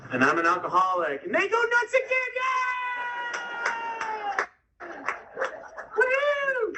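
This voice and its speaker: High, bright-voiced man telling his story. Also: slight background noise, poor audio. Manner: humorous, acts out quoted voices. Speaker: recovery meeting speaker. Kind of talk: personal storytelling.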